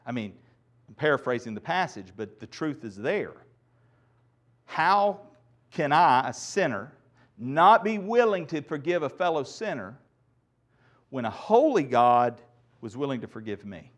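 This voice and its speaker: A man pastor preaching a sermon, animated, with sarcastic asides and swings from loud to soft. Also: mid-range voice, normal speed.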